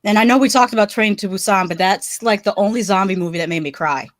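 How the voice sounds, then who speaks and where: A woman's voice: medium pitch, quick pace, a little hiss or hum. A woman co-hosting a casual livestream chat, laughing often and reading comments from the chat aloud. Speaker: co-host. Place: home, live stream.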